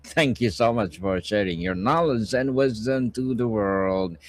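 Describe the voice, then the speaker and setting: A man's voice: fairly low pitch, a little slow. A man hosting a podcast, who thanks his guest politely and reads out interview questions. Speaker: podcast host.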